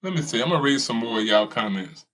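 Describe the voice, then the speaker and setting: Mocking, lively man reading comments. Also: medium pitch, fast. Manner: mocking, laughs often, taunting the audience. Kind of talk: casual commentary.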